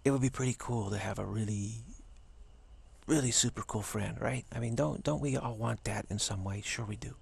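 Gravelly, husky man rambling playfully. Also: on the low side, normal speed. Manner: playful, rambling, with hushed asides. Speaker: spiritual video host. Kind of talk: casual spiritual talk to camera.

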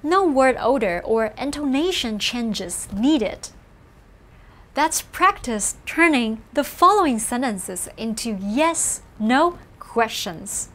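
A woman with a high voice narrates a scripted language lesson. She speaks slowly and carefully, explaining each point in an encouraging way. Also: animated, a bit bright. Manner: slow, careful, encouraging explanation with model phrases. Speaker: language teacher.

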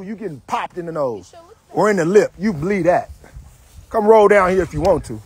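A man coaching football drills outdoors, barking commands and teasing his players with loud, energetic trash talk. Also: high voice, normal speed, breathy edge.

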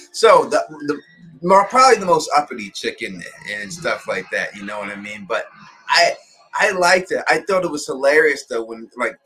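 A man chats as a guest on a livestream. His pitch swings widely and his tone is bright. He tells stories with energy and acts out the lines he quotes. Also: breathy edge, poor audio. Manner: animated storyteller, acts out quotes. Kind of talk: casual livestream chat.

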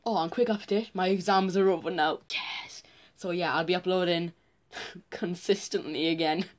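A man's voice: high voice, steady tone, normal speed. A teenage boy chats casually as a vlogger, reacting to his own old videos. He pokes fun at himself, half laughing and half groaning, in a loose, chatty way. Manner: self-mocking, chatty.

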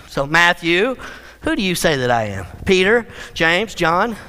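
Emphatic high-voiced preacher man. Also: big pitch swings, bright, forceful tone, in a large hall. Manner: emphatic preaching, dramatic slowdowns, acts out quotes with humor. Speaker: pastor. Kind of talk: sermon. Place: church sanctuary.

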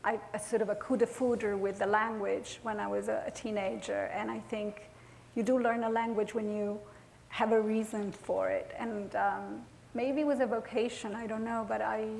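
A woman from Italy with an Italian accent, a native Italian speaker, reading her own fiction aloud at a public event in a measured, expressive way. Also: mid-range voice, vocal fry, a little hiss or hum. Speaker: author.

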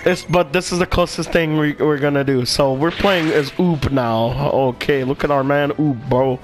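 A man giving casual game commentary in an excitable way, swearing, shouting and repeating himself. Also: fairly high pitch, normal speed. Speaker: gameplay commentator. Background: loud game music.

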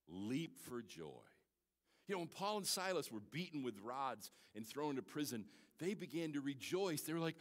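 A male pastor preaching a sermon in a church, swinging from shouted exclamations to soft, near-tearful asides. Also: medium pitch, sing-song, moderate pace. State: holding back tears. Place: church sanctuary. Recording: long hall reverb.

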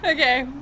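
A woman with a high, lively voice talks slowly through casual gameplay commentary and keeps dissolving into giggles. A steady noisy hiss sits under the recording. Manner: giggly, keeps laughing helplessly. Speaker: game show co-host.

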